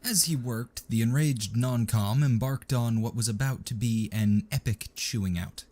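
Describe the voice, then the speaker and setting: A man narrating a written story in a steady, measured reading. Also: mid-range voice. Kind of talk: scripted narration.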